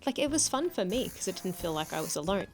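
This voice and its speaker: Aussie woman rambling to her camera, self-deprecating vlog chat, soft music behind. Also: on the low side, sing-song, quick pace. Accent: Australian. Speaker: jewellery maker and vlogger. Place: home jewellery studio.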